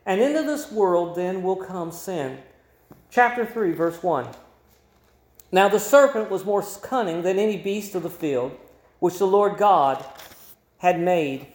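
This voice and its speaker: A man preaching a sermon, reading scripture aloud and explaining it in a measured teaching manner. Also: high voice, animated, roomy sound.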